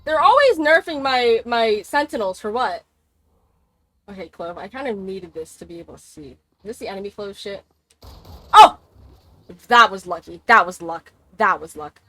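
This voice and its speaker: A woman's voice: mid-range voice, expressive, moderate pace, a bit bright, no echo. A young woman streaming a game, chatting casually, swearing, laughing and exclaiming as she plays.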